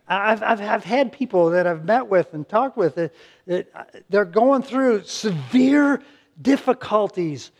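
A man's voice: high-pitched, expressive, unhurried. A man preaching a sermon as pastor, earnest and conversational, often restarting words and acting out little quotes.

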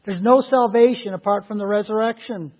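A man preaching an Easter sermon, emphatic and animated, who laughs as he retells stories. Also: sits high, brisk. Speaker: pastor. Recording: phone-like lo-fi sound.

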